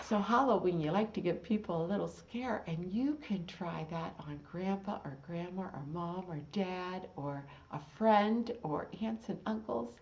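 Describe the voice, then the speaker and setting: Female children's storytime reader: slow, playful, bouncy sing-song delivery; muffled lo-fi audio. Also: mid-range voice, big pitch swings, a little mellow. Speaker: children's librarian. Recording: dull lo-fi recording.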